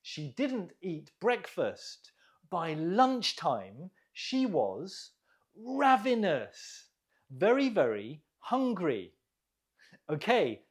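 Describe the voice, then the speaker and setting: An English teacher runs an online vocabulary lesson at an unhurried, very slow pace, giving each word and each bit of praise plenty of room. The voice swings widely in pitch and sounds animated. Each word gets drilled with deliberate stress, followed by encouraging praise.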